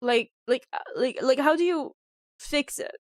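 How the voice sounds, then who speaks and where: A woman's voice: sits high, unhurried, dry recording, studio quality. A woman streaming a game in casual, rambling chat, sounding sick and nasal from a clogged nose. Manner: rambling, animated, heavy on "like" fillers.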